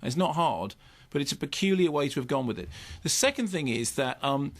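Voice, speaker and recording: A man's voice: mid-range voice, expressive, fairly quick. A middle-aged British man reviewing a film on the radio, opinionated and digressive, often restarting his sentences. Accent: British English. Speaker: film critic.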